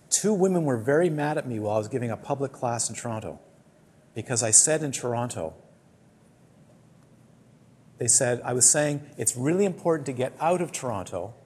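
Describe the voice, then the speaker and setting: A man's voice: medium pitch, darkish tone, husky. British man teaching meditation, conversational. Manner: conversational, anecdotal, acts out quoted complaints. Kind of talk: teaching talk to a retreat group.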